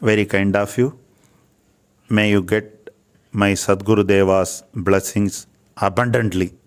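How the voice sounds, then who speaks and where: Older man, Indian English accent, low voice, earnest guest sharing wisdom. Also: steady tone, measured pace, clean tone. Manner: preachy, repeats phrases for emphasis. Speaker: Ayurvedic physician interviewed as guest. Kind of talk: earnest spiritual talk.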